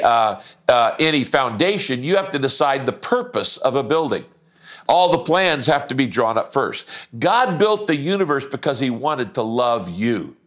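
A middle-aged man preaching a sermon, emphatic, slowing down to stress scripture. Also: medium pitch, a bit bright. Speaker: pastor.

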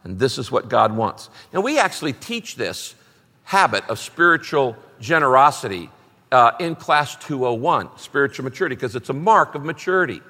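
Animated male preacher in a reverberant hall. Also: mid-range voice, moderate pace. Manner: animated preaching with emphatic repetition. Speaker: pastor. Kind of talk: sermon.

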